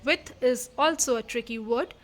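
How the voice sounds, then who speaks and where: A woman's voice: fairly high pitch, moderate pace. A woman teaching reading, sounding out words letter by letter and reading simple storybooks aloud in a phonics lesson.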